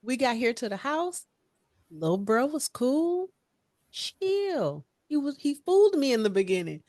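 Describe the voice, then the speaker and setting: A woman's voice: high voice, very animated, unhurried, darkish tone, no echo, clean studio sound. A young adult woman co-hosting a casual chat, telling stories animatedly and acting out the voices of the people she quotes. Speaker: podcast co-host.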